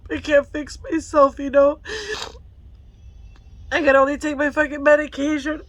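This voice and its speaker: High-pitched mom venting her story, swears a lot, close dry sound, kinda teary. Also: level tone, normal speed, no room sound, muffled recording. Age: adult parent of a school-age child. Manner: heavy swearing, emotional, frank. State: tearful at times. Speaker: mother telling a personal story. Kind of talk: candid storytime vlog.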